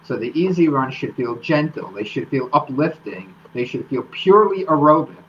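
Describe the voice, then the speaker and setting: A man hosting a live stream, explaining running workouts in a steady coaching tone. His voice sits in a middle pitch. The stream audio is a little dull, with faint noise behind it. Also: normal speed. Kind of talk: live-streamed solo talk. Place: home studio.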